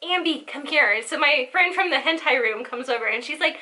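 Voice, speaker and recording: A young woman in her twenties tells a story with a high, bright voice. She rambles and giggles, and her telling is loose and animated. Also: brisk. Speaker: vlogger. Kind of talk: casual storytelling.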